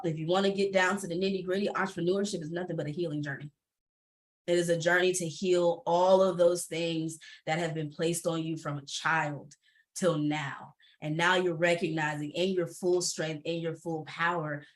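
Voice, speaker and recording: A woman speaking candidly on a panel over a video call, expressive and laughing often. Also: on the low side.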